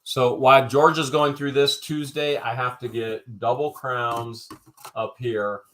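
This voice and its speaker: A man's voice: mid-range voice, steady tone, a little slow. A man hosting a live online auction, calling out bids and joking casually with viewers. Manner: joking, loud announcer-like calls. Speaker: livestream auction host.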